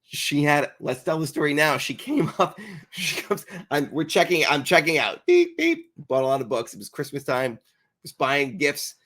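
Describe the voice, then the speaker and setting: A man's voice: a little high, moderate pace. A man co-hosting a business podcast, telling anecdotes in casual chat and acting out the voices of the people in them. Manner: animated, acts out voices in anecdotes. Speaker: podcast co-host.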